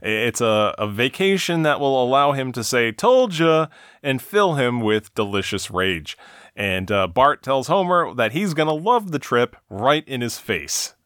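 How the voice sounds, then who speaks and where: A man's voice: medium pitch, expressive, unhurried, fairly bright tone, dry recording, studio quality. A man hosting a podcast, casually recapping a cartoon episode scene by scene with light laughs.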